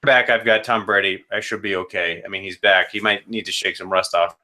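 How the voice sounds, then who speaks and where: A man's voice: low-pitched, fairly even intonation, brisk, sharp tone. A man who runs a fantasy football league, casually rambling through matchup predictions with self-corrections and joking asides.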